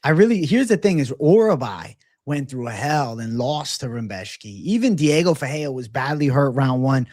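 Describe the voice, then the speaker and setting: A man's voice: medium pitch, expressive, moderate pace, few pauses, a little mellow, no echo, clean studio sound. A man co-hosting a fight betting show, giving blunt predictions in casual, profane chat and reading out odds.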